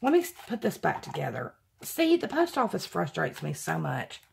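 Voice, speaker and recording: Low-pitched and full of vocal fry, this Alabama craft vlogger's voice swings hugely in pitch at a normal speed, over a little hiss or hum. She's giddy and gushing as she unboxes supplies, laughing often and apologizing.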